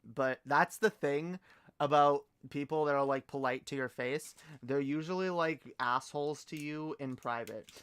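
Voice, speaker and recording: Male streamer from Canada, loose and profane, smooth and clear, a bit high. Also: unhurried, fairly bright tone. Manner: profane, rambling, stammering restarts. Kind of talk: casual livestream chat.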